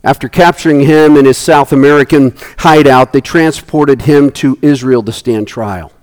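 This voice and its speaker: A man preaching a sermon, animated, acting out the people in his story with big jumps in his voice and often restarting his phrases. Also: medium pitch, moderate pace. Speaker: pastor.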